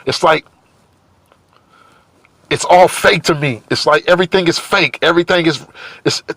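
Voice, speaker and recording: Man, confessional vlog, halting and repetitive, emotional, fairly high voice, dry close sound. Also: vocal fry, bright, forceful tone, no room sound. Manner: halting, repetitive, searching for words. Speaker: vlogger. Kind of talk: personal confessional monologue.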